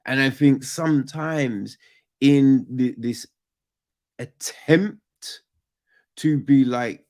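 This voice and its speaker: A man casually reviewing a film on a podcast, rambling and profane, with sudden loud outbursts. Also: medium pitch, very slow, pauses often.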